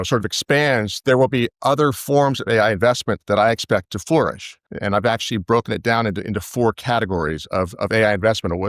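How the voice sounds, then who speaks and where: Man, lowish voice, investment analyst guest, thoughtful, restarts phrases. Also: dry recording, studio quality. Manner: thoughtful, with frequent restarts and repetitions. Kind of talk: interview answers.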